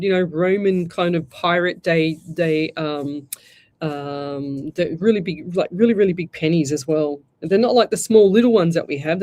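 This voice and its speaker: An Australian woman hosting a live radio show, giving psychic readings in a chatty, rambling way. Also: fairly low pitch. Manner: chatty, rambling, warm asides like "lovey". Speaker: psychic medium radio host.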